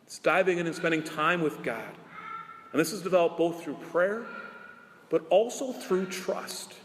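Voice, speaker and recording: A priest giving an earnest sermon, asking rhetorical questions and drawing out his key words slowly. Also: a little high, animated, big-room sound, a little hiss or hum. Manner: earnest preaching with rhetorical questions and slow emphatic endings.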